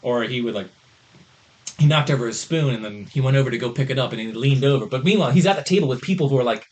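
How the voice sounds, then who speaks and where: A man's voice: medium pitch, quick pace, darkish tone, a little hiss or hum. A young man co-hosting a podcast, chatting casually about movies in a rambling way, filling his sentences with "like". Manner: rambling, heavy use of "like". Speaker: podcast co-host.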